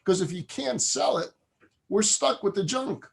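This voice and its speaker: A man's voice: high-pitched, lively intonation, a little slow, gravelly, voice pushed up, exaggerated voice. A man voicing an exasperated, successful businessman father who lectures his son. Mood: instructive. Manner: instructive, then yelling at his son.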